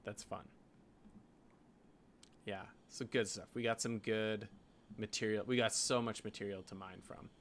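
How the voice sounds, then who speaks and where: Pausing often and speaking a little slowly, a Canadian graphic designer with a lowish, steady, slightly bright voice muses over his design work. The casual screen-share vlog is full of "like" and "you know," with slight background noise.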